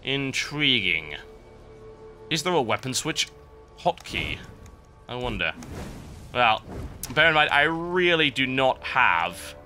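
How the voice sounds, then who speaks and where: A man's voice: mid-range voice, big pitch swings, unhurried, long pauses, pushed and bright. A man giving rambling, sarcastic commentary while playing a video game. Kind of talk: let's play commentary. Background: game music.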